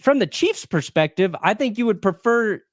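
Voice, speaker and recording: A man's voice: high-pitched, expressive, moderate pace, no echo, studio quality. A man co-hosting a casual sports podcast, chatty and loose, with lots of fillers and restarts. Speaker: podcast co-host.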